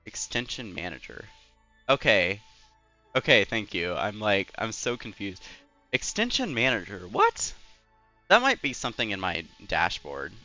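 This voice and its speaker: A man's voice: fairly low pitch, sing-song, unhurried, bright, forceful tone, faint music behind. A young man streaming a game, chatting casually in a rambling, filler-heavy, self-deprecating way. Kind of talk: casual live-stream chat.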